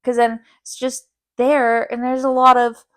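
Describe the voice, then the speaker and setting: A woman's voice: fairly high pitch, flat delivery, measured pace. A young woman co-hosting a casual podcast, teasing and bantering playfully. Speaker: podcast co-host. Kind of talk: casual chat.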